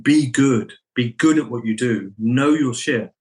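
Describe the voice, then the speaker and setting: A middle-aged man, an actor being interviewed, reflecting on his craft and telling animated anecdotes. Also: medium pitch, a little slow, rough recording. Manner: animated anecdotes, acts out quoted voices.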